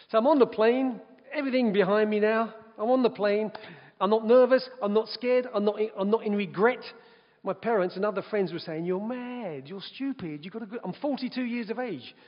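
A man telling his personal testimony as an evangelist, lively and often breaking into laughter. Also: sits high. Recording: dull sound with long hall reverb.

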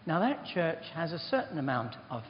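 A man's voice: a little high, big pitch swings, moderate pace, a little hiss or hum. Older man preaching in a hall. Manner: rambling, chatty, self-deprecating. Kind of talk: informal sermon with anecdotes. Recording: dull recording in a reverberant hall.

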